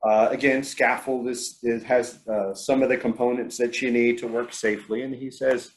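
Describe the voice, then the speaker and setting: A man's voice: medium pitch, flat delivery, moderate pace, few pauses. A man giving a leadership presentation at an online meeting, telling a story with many fillers and restarts.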